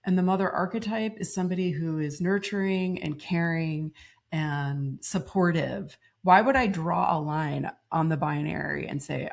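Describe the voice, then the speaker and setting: A woman co-hosting a podcast, speaking earnestly and thoughtfully, with pauses and hesitations. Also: sits low, gravelly. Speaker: podcast co-host. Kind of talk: reflective conversational podcast.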